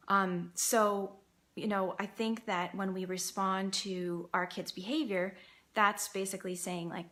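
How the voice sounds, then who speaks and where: A woman's voice: on the low side, steady tone, normal speed, a bit bright. A woman parenting coach giving earnest, reassuring advice straight to her viewers. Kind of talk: direct-to-camera advice talk.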